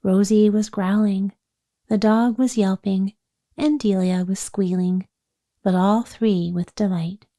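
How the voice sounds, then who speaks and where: Woman narrator for a classic children's chapter book, mellow tone, gentle delivery. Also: mid-range voice, steady tone, slow pace. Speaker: audiobook narrator. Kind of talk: storybook narration.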